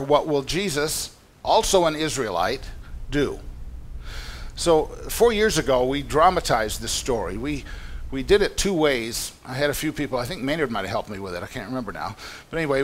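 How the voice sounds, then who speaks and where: A man's voice: medium pitch, a bit bright. A man preaching a sermon in a conversational, explanatory way, often restarting his sentences. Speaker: pastor. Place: church meeting room.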